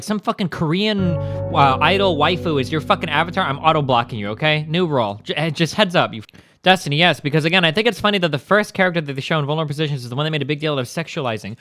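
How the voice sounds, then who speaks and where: A man's voice: fairly high pitch, lively intonation, quick pace, fairly bright tone, no echo. A male streamer delivering profane, combative and sarcastic commentary at a desk mic. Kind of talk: ranting commentary.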